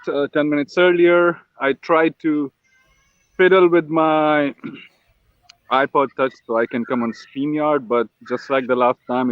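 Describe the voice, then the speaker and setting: A man's voice: mid-range voice, no echo. A man with an Arab accent, a podcast guest in casual, joking chat on a home video call. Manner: joking, playful. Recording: dull dry lo-fi stream audio.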